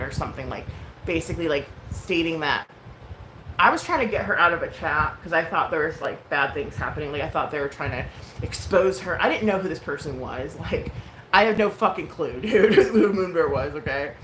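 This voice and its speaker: Speaking at a normal speed with lively intonation, this woman in her thirties has a low voice. She's a vlogger ranting casually through a story, profane, frank and heavy on fillers, in an echoey room with clear background noise.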